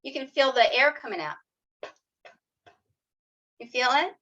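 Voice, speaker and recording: Slow, bright-voiced woman teaching phonics. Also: high-pitched, lively intonation. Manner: slow, encouraging, sounding out letters. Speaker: kindergarten teacher. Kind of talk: online phonics lesson for young children. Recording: slightly dull lo-fi video audio.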